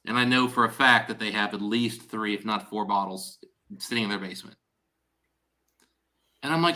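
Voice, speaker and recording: A man's voice: fairly low pitch, moderate pace, pauses often, bright, forceful tone. A man chatting casually on a live stream as its host, rambling and restarting his sentences. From Ohio, USA.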